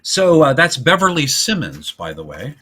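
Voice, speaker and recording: Male podcast co-host, bright husky voice, animated storyteller, casual film chat. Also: fairly high pitch, moderate pace. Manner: animated retelling, acting out quotes in voices.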